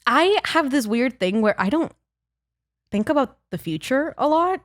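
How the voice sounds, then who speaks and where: A woman's voice: high-pitched, sing-song, a little slow, no echo, studio quality. A woman talking as a guest actor on a podcast, chatty and self-deprecating, laughing easily. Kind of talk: podcast interview chat.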